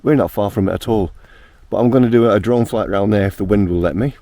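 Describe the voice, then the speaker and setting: Male vlogger; deep, hoarse morning voice, relaxed chatty delivery to camera. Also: fast, no echo. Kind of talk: casual outdoor vlog narration. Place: outdoors on open moorland.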